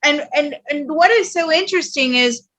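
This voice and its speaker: A woman psychic host with a high, bright voice, chatting casually. She tells her stories in an animated, lively way and laughs often. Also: normal speed. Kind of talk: casual chat.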